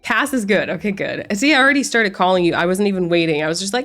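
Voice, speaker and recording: A woman's voice: medium pitch, lively intonation, fast, fairly bright tone. A woman streamer chatting casually with her viewers, sounding congested and nasal from a cold and rambling with frequent restarts. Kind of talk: casual livestream chat with viewers. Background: faint background music.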